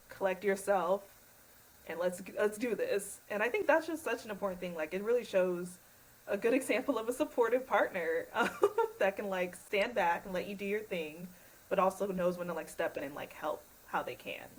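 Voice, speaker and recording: A woman's voice: medium pitch, fairly quick, rough recording. A woman guest on a podcast, chatting casually and enthusiastically with frequent fillers.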